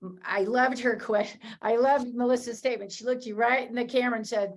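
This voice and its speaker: A woman's voice: fairly high pitch, fairly even intonation, brisk. A woman hosting a sales training call, recapping tips in an upbeat, encouraging way and talking straight to her audience. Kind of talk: energetic coaching recap.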